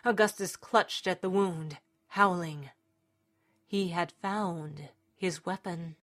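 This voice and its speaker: A woman's voice: lowish voice, slow pace, fairly bright tone. A woman narrating a story in a dramatic, scripted reading style.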